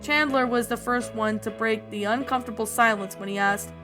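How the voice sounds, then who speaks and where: A woman's voice: on the high side, fairly even intonation, brisk, hardly any pauses, over music. A woman narrator reading a fan story aloud, often stumbling and restarting words.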